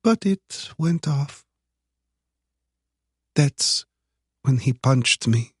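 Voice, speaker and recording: A man reading an audiobook voices a frightened young woman held captive, speaking in a halting, trembling way. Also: medium pitch, lively intonation, breathy edge, dry recording, clean studio sound, pitched above the performer's own voice, full character voice.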